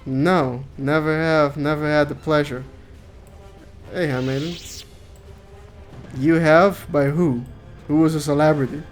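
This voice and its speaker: A man's voice: a little high, steady tone, unhurried, pauses often, faint music behind. Joking, cussing male game streamer. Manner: joking, swears freely. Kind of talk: casual chat while streaming a game.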